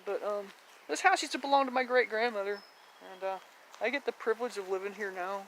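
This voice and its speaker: A woman's voice: medium pitch, brisk, fairly bright tone, a little hiss or hum. A woman giving a casual walking tour of her home garden, chatty and rambling, blunt, with mild swearing and frequent laughter.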